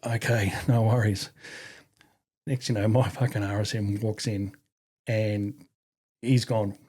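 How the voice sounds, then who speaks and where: A man's voice: on the low side, a little slow, slightly rough. A man with an Australian accent telling a long, profane army story in casual conversation, acting out the people he quotes. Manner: profane, animated, acts out quotes. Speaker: guest.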